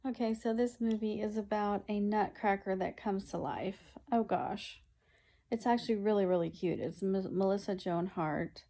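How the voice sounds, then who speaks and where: A woman chatting casually in a home vlog, unhurried and full of fillers, playfully scolding her cat. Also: mid-range voice, warm tone. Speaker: vlogger. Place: at home indoors.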